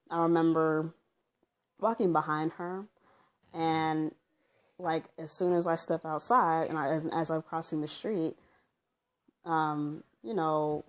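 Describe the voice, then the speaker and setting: Casual vlogger woman with a low voice, talking through a personal story off the cuff with plenty of fillers. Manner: rambling, with many fillers like um and you know; loosely reenacts what people said as she tells it. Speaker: vlogger telling her own story.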